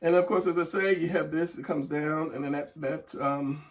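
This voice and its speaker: A man's voice: on the high side, steady tone, moderate pace, recorded from a distance. A middle-aged man teaching a casual drawing tutorial, talking while he draws and trailing off into murmurs. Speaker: drawing instructor.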